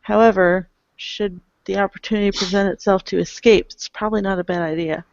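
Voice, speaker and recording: A woman speaking as her character in a tabletop game, in a measured way. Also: medium pitch, steady tone, gravelly, darkish tone, dry recording, lo-fi sound. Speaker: player. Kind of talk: tabletop role-play.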